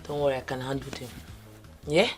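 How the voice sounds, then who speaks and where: A woman's voice: a bass voice, fairly even intonation, brisk. An actress playing a playful, confident young woman who coaxes and teases. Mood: coaxing. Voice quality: coaxing, teasing. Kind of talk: film comedy acting. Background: film score music.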